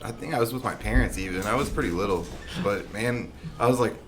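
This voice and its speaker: A man's voice: fairly low pitch, fast, music in the background. A man from Texas on a podcast, telling a self-mocking story in an easygoing way. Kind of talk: casual chat.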